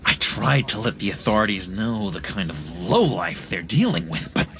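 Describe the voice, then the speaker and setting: An erratic, whispery ex-inmate. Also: male voice, lowish voice, big pitch swings, normal speed, sharp tone, slight background noise, heavily acted. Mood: spiteful. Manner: erratic, whispery, swings from pleading to threatening. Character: unstable, clingy man, ex-asylum inmate with sudden menace. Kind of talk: video game voice acting.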